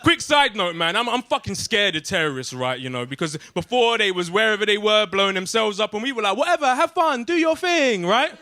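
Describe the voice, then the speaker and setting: A young man with a London accent doing a stand-up set in a comedy club, animated and streetwise, tagging lines with questions. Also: high voice, fairly quick, few pauses, no room sound.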